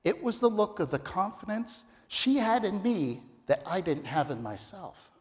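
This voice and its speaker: Animated man giving a stage speech. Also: high-pitched, moderate pace. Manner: theatrical, storytelling, comic timing. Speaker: contest speaker. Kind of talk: competition public speech. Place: large convention ballroom. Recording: reverberant ballroom.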